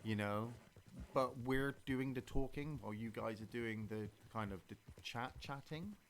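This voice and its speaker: Male streamer, mid-pitched, chatty, rambling commentary over a game. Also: unhurried, a little hiss or hum. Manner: rambling and chatty, with many fillers and restarts. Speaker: streamer and podcast host. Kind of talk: casual gameplay commentary.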